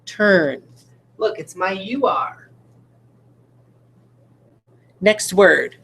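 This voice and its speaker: A woman's voice: mid-range voice, animated, takes it slowly, gravelly, fairly bright tone, breathy edge. A woman teacher giving a recorded video lesson, explaining each step patiently and checking in with questions to her listeners. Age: adult parent.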